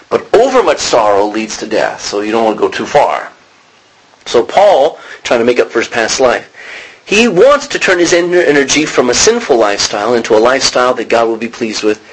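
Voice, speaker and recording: A man's voice: medium pitch, breathy edge, rough recording. A man teaching an informal Bible study, asking the class questions and acting out the lines he quotes. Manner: animated, acts out quotes, asks the class questions.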